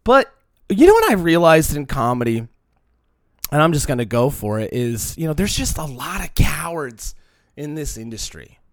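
A comedian talks straight into a phone camera in a loose, profane monologue, a man with a slightly high voice that swoops all over. He mocks people in put-on voices and admits his voice is shaky. The sound is dry and close, with no room around it. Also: normal speed, no room sound. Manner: profane, rambling, animated with mocking quoted voices. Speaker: comedian self-producing a video. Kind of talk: casual vlog monologue. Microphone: phone used as camera.

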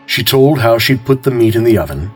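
A man hosting and narrating a calm mystery story in a measured, expressive way. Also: medium pitch, breathy edge, faint music behind. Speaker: host and narrator.

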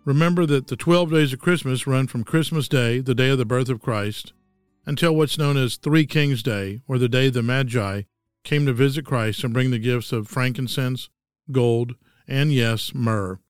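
Texan man in his sixties, smooth voice. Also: mid-range voice, normal speed, no echo, soft background music. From Texas. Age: 60s. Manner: dry wry humor. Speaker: host. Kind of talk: scripted monologue.

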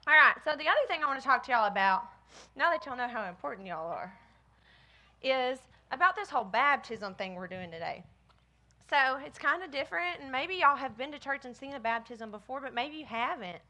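Bright-voiced woman teaching kids. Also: high voice, brisk. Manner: lively, talks straight to kids. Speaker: children's minister. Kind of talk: children's sermon.

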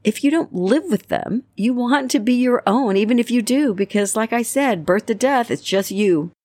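A woman's voice: fairly high pitch, normal speed, a little mellow, no echo, clean studio sound. A middle-aged woman giving casual advice on friendship, chatty, often acting out little quoted exchanges. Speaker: self-help speaker. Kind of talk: casual advice talk to camera.

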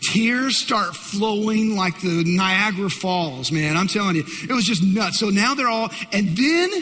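A man's voice: high voice, a little slow, bright, forceful tone, a little hiss or hum. A middle-aged man preaching a sermon as a pastor, telling stories animatedly and with humor. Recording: long hall reverb.

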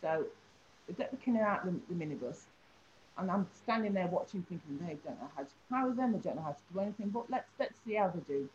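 A woman's voice: on the low side, fast talker. A woman, a teacher, telling an anecdote in an interview and acting out the people in it. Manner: animated storytelling, acts out the people she describes. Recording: slightly dull recording with faint background hum.

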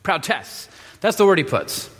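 A man preaching a sermon in a relaxed, joking way, with many fillers and restarts. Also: fairly high pitch, moderate pace. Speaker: pastor. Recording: reverberant hall.

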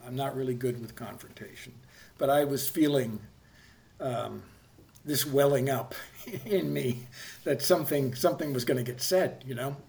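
A man's voice: mid-range voice, darkish tone. A man in his sixties, a TV producer guesting on a podcast, telling a rambling story full of restarts and swearing. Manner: rambling, self-correcting, swears freely. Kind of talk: casual anecdotal storytelling.

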